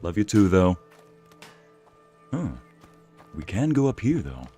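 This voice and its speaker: Man, game streamer, playful, jokey, yells sometimes, low voice, home. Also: very animated, takes it slowly, faint music behind. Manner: playful and jokey, bursts into loud yelling. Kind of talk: casual game commentary.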